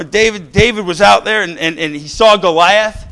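A middle-aged man preaching a fiery sermon, exhorting the crowd with repeated lines and sudden bursts of shouting. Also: sits high, moderate pace. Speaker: pastor.

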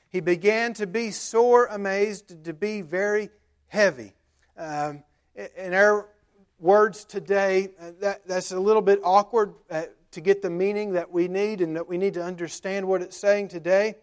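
A man's voice: high voice, fairly even intonation, measured pace, clear, resonant tone. A male pastor preaching a sermon, retelling scripture in plain everyday words with a conversational manner and frequent filler sounds.

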